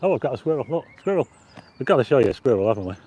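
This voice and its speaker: Very animated and very fast, he talks in a mid-range voice that is mellow and husky, though the audio sounds dull. The livestream is a walking vlog through a city park, picked up by a plug-in mic on a stabilized phone. He chats and rambles, greeting viewers and reading their comments aloud.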